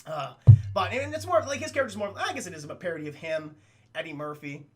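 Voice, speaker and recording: A man reviewing a film live for his chat, excitable and profane, often calling out to the chat as he goes. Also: on the high side, fast talker, very noisy. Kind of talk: casual live-stream film breakdown.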